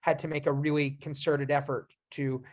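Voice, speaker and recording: A man's voice: fairly high pitch, moderate pace. A young man from Canada, an actor being interviewed, talking casually with lots of restarts and fillers. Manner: animated, many restarts and fillers. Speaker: actor guest.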